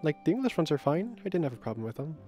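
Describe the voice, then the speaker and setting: A man's voice: on the high side, big pitch swings, rapid-fire, warm tone, faint music behind. A man hosting a casual livestream chat, easygoing and laughing often. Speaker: streamer host.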